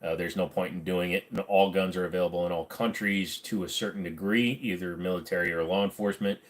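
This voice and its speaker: Blunt, sarcastic man, fairly low voice. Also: steady tone, fast. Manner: blunt, sarcastic, swears freely. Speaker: livestream host. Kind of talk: casual livestream chat reading comments.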